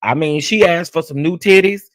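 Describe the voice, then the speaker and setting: A man's voice: on the high side, normal speed, a bit bright, dry recording. A man hosting a celebrity gossip show in casual, sassy commentary, repeating phrases for emphasis and talking straight to his viewers. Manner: addresses viewers as "y'all". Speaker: host of a celebrity gossip channel.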